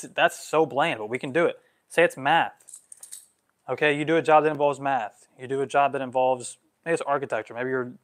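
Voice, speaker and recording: Guy in his 20s on a livestream answering questions, says like a lot, gets fired up, kinda high voice. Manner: animated, gets worked up, many "like" fillers. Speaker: vlogger answering follower questions. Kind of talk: livestream Q&A monologue.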